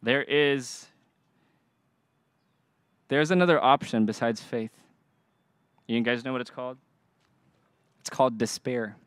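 A man's voice: medium pitch, dry recording. A young adult man preaching a sermon, earnest and emphatic, asking the congregation to respond. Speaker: pastor.

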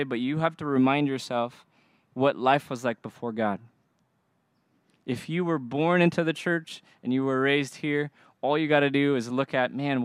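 A man's voice: medium pitch, clean tone, no echo, studio quality. A young adult man preaching a sermon, earnest and emphatic, asking the congregation to respond. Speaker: pastor.

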